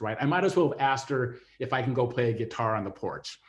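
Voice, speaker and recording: A man's voice: medium pitch, brisk, few pauses. A middle-aged man, a TV writer, telling a personal story with many fillers and restarts. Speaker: TV writer and former network executive.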